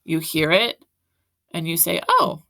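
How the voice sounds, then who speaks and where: A woman's voice: lowish voice, steady tone, normal speed, gravelly, sharp tone, no echo. A woman teacher giving a recorded video lesson, speaking directly to her students in an encouraging way. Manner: encouraging, talks directly to students with frequent "right?".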